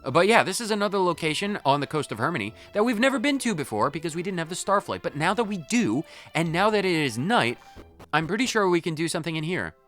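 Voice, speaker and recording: A man commenting on his own gameplay in a rambling, excitable, playful way, hopped up on caffeine. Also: fairly high pitch, fast talker, faint music behind. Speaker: let's play host.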